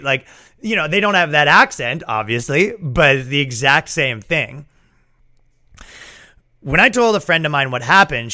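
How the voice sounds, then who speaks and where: A man hosting a podcast, riffing in a profane, animated comedic rant. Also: mid-range voice. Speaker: podcast host.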